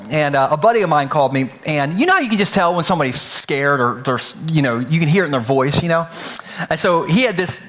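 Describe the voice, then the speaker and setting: A man's voice: fairly high pitch, fairly bright tone. A man preaching a sermon to a live church audience, playful and jokey, acting out little scenes in funny voices. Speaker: pastor.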